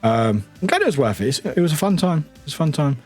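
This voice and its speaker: A man's voice: a little high, big pitch swings, fast, slightly rough. A man from the United Kingdom, a streamer, chatting casually with viewers, laughing often, swearing and reading chat aloud. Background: faint background music.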